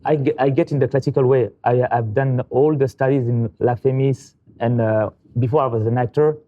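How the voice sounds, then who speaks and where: A young man with a French accent, talking in a roundtable discussion in an earnest, halting way, often restarting his sentences. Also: medium pitch, steady tone, narrow, tinny audio. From France. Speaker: filmmaker and actor.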